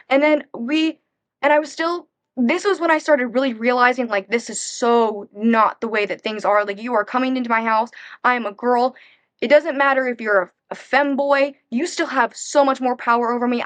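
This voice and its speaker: A woman's voice: fairly high pitch, fairly bright tone, no room sound. Frank nineteen-year-old woman telling her story. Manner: frank, quick bursts with many fillers and restarts. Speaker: guest. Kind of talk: candid personal storytelling.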